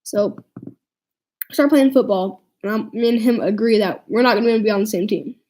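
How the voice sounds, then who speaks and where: Rambling teen girl with a mellow voice. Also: mid-range voice, moderate pace, low-quality recording. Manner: rambling, full of "like" fillers and restarts. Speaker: vlogger. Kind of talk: storytime vlog.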